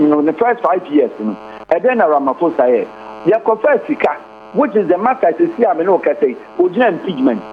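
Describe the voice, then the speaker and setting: A man giving impassioned political commentary as a radio guest, switching between Twi and English and firing off rhetorical questions. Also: sits high. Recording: tinny phone-line radio audio with faint hum.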